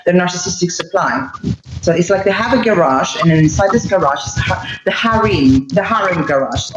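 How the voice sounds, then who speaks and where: A woman guest explaining things emphatically in casual talk, over a muffled remote microphone with background noise. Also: on the low side. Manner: emphatic, acts out quoted lines. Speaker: podcast guest. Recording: roomy muffled mic with loud background noise.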